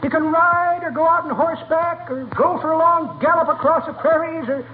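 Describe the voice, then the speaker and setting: A rambling high-pitched old codger. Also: male voice, steady tone, fairly quick. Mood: folksy. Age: older. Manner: folksy and long-winded, calls people kids and daughter. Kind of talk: 1940s radio acting. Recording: tinny hissy 1940s radio broadcast. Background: studio audience laughter.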